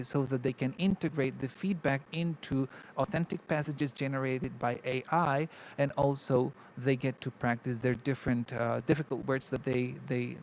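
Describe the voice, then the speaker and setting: A man's voice: medium pitch, a little hiss or hum, poor audio. A man, an English teacher, explaining a pronunciation teaching method in an interview, thoughtful and restarting often as he models words.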